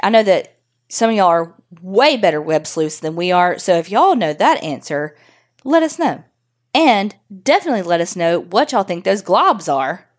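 A woman's voice: fairly low pitch, very animated, normal speed. A woman co-hosting a podcast in casual, emphatic chat, swearing freely. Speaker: podcast co-host.

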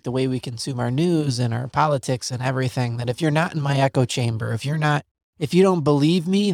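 A man's voice: mid-range voice, vocal fry, darkish tone, no echo. Thoughtful male podcast host, dry close sound. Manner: thoughtful, searching phrasing with many "like"s. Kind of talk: casual podcast conversation.

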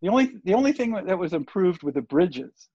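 A man's voice: sits high, very animated, brisk, warm tone, slightly rough, no room sound. An older man, a guest on an interview show, telling a story in a loose, rambling way with lots of fillers and restarts. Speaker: interview guest, surf TV producer. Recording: dull lo-fi dry recording.

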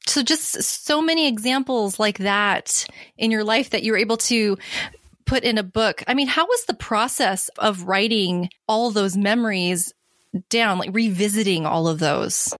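A woman's voice: mid-range voice, unhurried, no room sound, studio quality. A woman hosting a podcast interview, encouraging her guest and laughing often. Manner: warm, encouraging listener who laughs often. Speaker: podcast host. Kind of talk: interview conversation.

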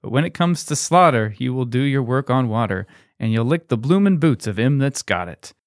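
A man's voice: mid-range voice, lively intonation, moderate pace, no echo, clean studio sound. A man co-hosting a podcast, reading a poem aloud with a lilting, sing-song rise. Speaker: podcast co-host.

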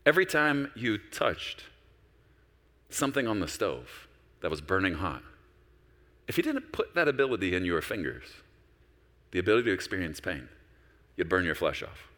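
A man preaching a sermon as a pastor, animated and conversational, acting out quoted voices. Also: deep voice, normal speed, pauses often, big-room sound.

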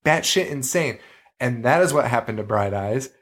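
Profane, animated man co-hosting a podcast. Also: medium pitch, normal speed, breathy edge. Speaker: podcast co-host. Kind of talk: casual horror movie chat.

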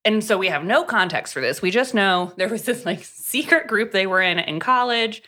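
A young woman with a bright, forceful voice co-hosts a casual book-review podcast. She retells scenes with animated energy, slipping into quick impressions of the characters. Her pitch sits in a middle range. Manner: animated, acts out lines from stories. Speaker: podcast co-host.

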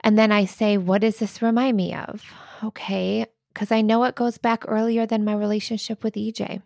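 A woman's voice: medium pitch, level tone, normal speed, creaky, darkish tone, no room sound, clean studio sound. A woman therapist co-hosting a podcast, explaining a technique in casual chat, peppered with "like" and "right?". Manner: conversational, frequent "like" and "right?", laughs lightly.

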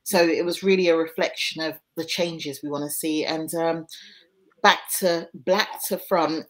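A woman's voice: low-pitched, steady tone, measured pace, rough recording. A woman, speaking as an interview guest in an earnest, reflective way. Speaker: podcast guest. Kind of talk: conversational interview.

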